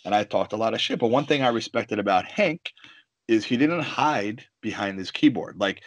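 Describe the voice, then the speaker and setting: A man telling stories in a casual podcast chat, animated and swearing freely. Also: fairly low pitch, moderate pace, no echo, poor audio. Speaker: guest, jiu-jitsu coach and fighter.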